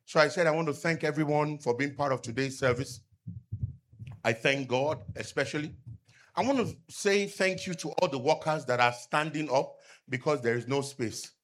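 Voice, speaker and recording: A middle-aged male pastor, preaching a sermon with emphatic call-and-response and loud peaks. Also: a little high, moderate pace.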